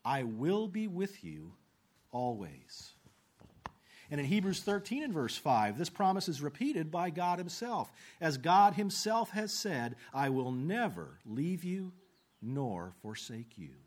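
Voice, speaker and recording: Male preacher, earnest sermon delivery, fairly high voice that swings widely in pitch. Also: very animated. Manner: earnest, rises then drops low at phrase ends; slows down for quoted scripture.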